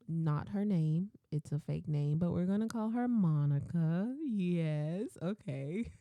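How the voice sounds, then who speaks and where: A young woman hosts a podcast alone and tells stories about her old workplaces. Her voice is very dark and mellow, and it sits a little low. She acts out her coworkers with lively quoted voices, and the recording is dry and close. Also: dry recording. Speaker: podcast host. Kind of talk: casual storytelling monologue.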